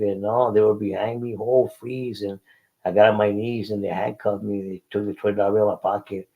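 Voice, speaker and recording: Middle-aged guy, low gravelly voice, kinda husky, tells his story loose with street slang and spanish words, stumbles and repeats. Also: muffled recording. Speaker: guest telling his life story. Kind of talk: casual storytelling interview.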